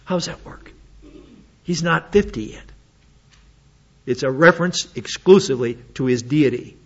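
A man's voice: on the high side, muffled recording. A man preaching a sermon, reading Bible passages aloud and breaking in with casual, plain-spoken comments. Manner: reads scripture aloud then adds quick casual asides.

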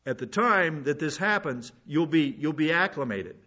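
A man's voice: on the high side, animated, moderate pace, pushed and bright. A man preaching a verse-by-verse Bible sermon, conversational with folksy asides and frequent restarts. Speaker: pastor. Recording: dull lo-fi sound.

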